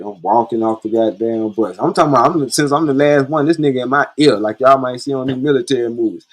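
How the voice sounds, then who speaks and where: A man's voice: mid-range voice, a little fast. A man hosting a podcast, telling stories in a blunt, profane, laid-back way. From Columbia, South Carolina. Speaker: podcast host. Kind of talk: casual storytelling monologue.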